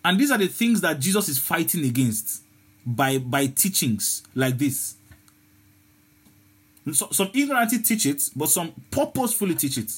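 Husky, fervent man preaching. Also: a little high. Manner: fervent, repeats words and stumbles over them. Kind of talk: sermon.

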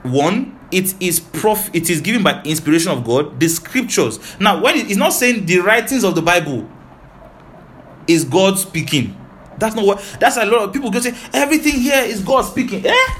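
A man preaching a Bible teaching sermon, talking quickly and animatedly, often checking in with "right?" and "hallelujah". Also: sits high, lively intonation, a bit bright, slight background noise.

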